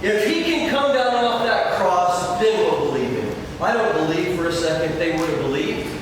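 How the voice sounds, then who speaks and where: Earnest preacher in an echoey church hall. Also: male voice, high-pitched, very animated. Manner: dramatic emphasis and pauses, earnest. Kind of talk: sermon. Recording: echoey hall, distant mic, noisy.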